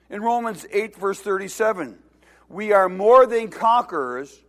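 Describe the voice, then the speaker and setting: A man preaching a sermon as pastor, exhorting the congregation and having them repeat phrases, building to loud emphasis at times. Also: sits high, lively intonation, moderate pace.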